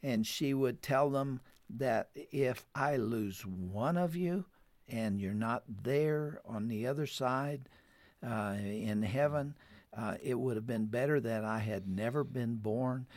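A man telling a family story in an earnest way, who then turns to warm, urgent encouragement. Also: medium pitch, slow, no room sound. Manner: heartfelt, rises to urgent appeals. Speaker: radio program guest.

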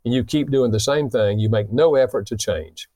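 A man's voice: medium pitch, normal speed, no echo. Brief: male guest author, earnest storyteller, acts out quotes, dry close sound. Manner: animated storyteller who acts out quoted dialogue; explains with illustrations, earnest. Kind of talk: conversational teaching.

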